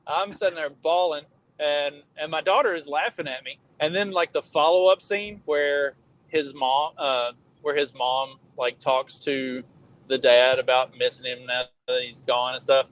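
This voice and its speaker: A middle-aged man on a podcast, telling stories in casual chat, animated and swearing freely. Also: a little high, unhurried, rough recording. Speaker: podcast co-host.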